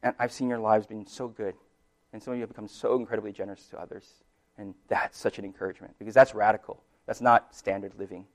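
A man preaching a sermon as pastor, casual and conversational, often checking in with "right?" and laughing, swinging between soft and emphatic delivery. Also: on the low side, little pitch movement, quick pace.

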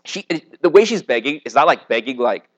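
A man's voice: medium pitch, sing-song, a little fast, a bit bright, rough recording. A man, likely a youth pastor, preaching a casual sermon to a young live audience in a conversational way, with lots of "like" and "okay?". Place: meeting room with a live audience.

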